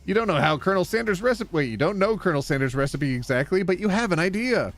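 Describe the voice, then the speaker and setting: A man's voice: high voice, lively intonation, fast talker. A man from Canada playing a game on stream, reading its text aloud in a playful, joking way. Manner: playful, joking, laughs often. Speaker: gaming streamer.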